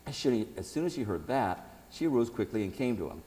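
Low, mellow man reading scripture aloud. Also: sing-song, brisk, long reverb tail, low-quality recording. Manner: reads aloud, breaks off for asides. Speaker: Bible teacher.

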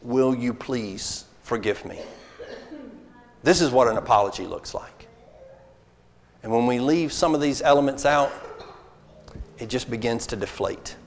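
A man's voice: mid-range voice, expressive, normal speed, pauses often. A man preaching a sermon, earnest and pleading, acting out apologies to make his point. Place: church hall. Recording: long reverb of a church hall.

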